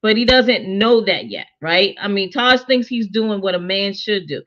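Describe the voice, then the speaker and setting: A woman's voice: mid-range voice, normal speed. A woman co-hosting a casual TV review chat, talking things through and quoting characters as she goes. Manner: conversational, animated, quotes characters in her own voice. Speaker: show co-host reviewing a TV series. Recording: dull lo-fi sound.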